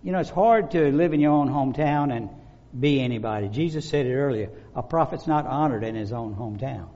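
A man preaching a sermon, animated and conversational, acting out the voices of the people he describes. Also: mid-range voice, a little fast. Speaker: pastor. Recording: dull lo-fi recording.

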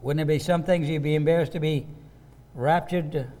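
Man, high voice, pastor, earnest, playful asides, sermon. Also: fairly even intonation, fairly quick, dark tone.

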